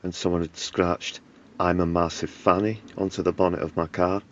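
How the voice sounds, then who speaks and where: A man playing an awkward, put-upon male politician hosting a talk show, in a dry, deadpan comedy sketch. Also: sits low, normal speed, lo-fi sound.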